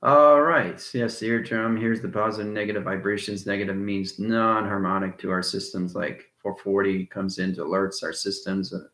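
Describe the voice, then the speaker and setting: Male host with a rambling, chuckling delivery, low but bright voice, recorded in a reverberant room. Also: steady tone, normal speed, few pauses. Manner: rambling, chuckles often, jumps between soft and loud. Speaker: channel host. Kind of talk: rambling spiritual monologue.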